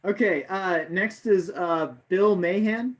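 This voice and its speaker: A man's voice: sits high, takes it slowly, lo-fi sound. A man hosting a memorial over a video call, politely calling up speakers one by one. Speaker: memorial host.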